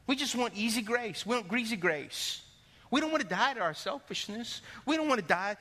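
High, bright-voiced man preaching in a reverberant church. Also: moderate pace. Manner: animated preaching, rising to shouts and dropping low. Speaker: pastor. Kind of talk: sermon. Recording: long hall reverb.

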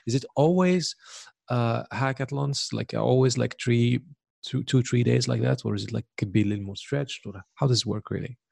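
A man's voice: mid-range voice, normal speed, vocal fry, a little mellow, no room sound, clean studio sound. A man interviewing a guest, hesitant, with many ums while he forms his questions. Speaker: interviewer, podcast host.

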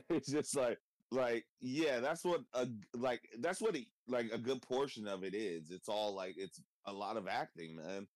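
Measured in pace and medium in pitch, a male podcast co-host rambles in relaxed conversation, swearing and using lots of fillers; there's no echo.

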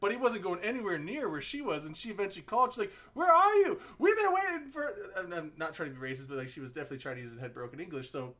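A man in casual chat, telling an animated story and swearing freely. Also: fairly high pitch, racing, hardly any pauses.

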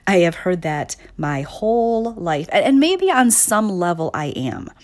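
A woman with a somewhat low-pitched voice talks through ideas about emotional awareness. Her delivery is conversational and searching, full of restarts and soft laughs, and she keeps checking in with listeners. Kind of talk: reflective talk to listeners.

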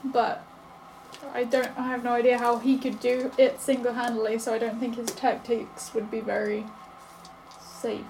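A high-pitched woman playing her character in a tabletop game. She talks bluntly and expressively and challenges the others, with faint room ambience behind her. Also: level tone, moderate pace, darkish tone, slight background noise, rough recording. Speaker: player.

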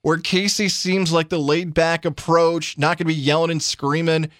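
A male sports talk co-host with a voice a little higher than most men's. He is expressive and opinionated, and he mimics imagined conversations as he argues. The studio sound is close and dry. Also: normal speed, no echo.

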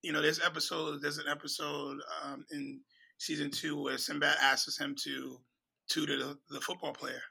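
A man's voice: fairly high pitch, little pitch movement, moderate pace, creaky, pushed and bright, slightly rough, rough recording. A man in casual chat, enthusiastic and repeating words as he talks.

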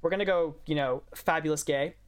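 A woman's voice: low-pitched, a little fast. A young woman in casual chat who talks in a rambling way, full of "like" and fillers. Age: young adult. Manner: chatty, rambling, lots of fillers.

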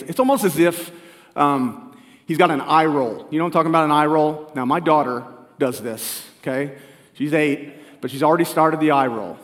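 Preaching man in a reverberant church. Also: a little high. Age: 40s. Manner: earnest, conversational preaching with rhetorical questions to the congregation. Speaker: family pastor. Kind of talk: sermon. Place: church sanctuary. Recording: live church recording with long hall reverb.

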